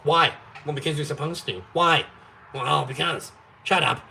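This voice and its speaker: A man's voice: a little high, moderate pace, gravelly, pushed and bright, a little hiss or hum. A young man from Canada hosting a live stream, ranting in a blunt, profane, fired-up way. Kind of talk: ranting casual chat.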